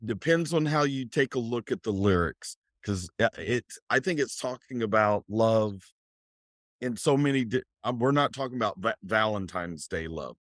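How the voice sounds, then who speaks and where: A man co-hosting a casual podcast chat, halting and restarting often as he talks over a beer. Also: on the low side, expressive, a bit bright, no room sound, clean studio sound. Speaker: podcast co-host, a guest.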